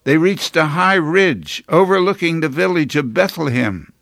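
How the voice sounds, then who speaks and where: A man delivering a scripted sermon in an earnest, measured preaching manner with emphatic rises. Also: a little high, animated, creaky, a bit bright, dry recording, clean studio sound.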